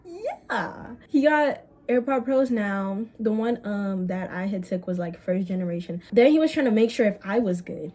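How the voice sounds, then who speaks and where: A young woman vlogger telling a story in casual chat, animated and swearing, with quick bursts and drawn-out words. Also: mid-range voice.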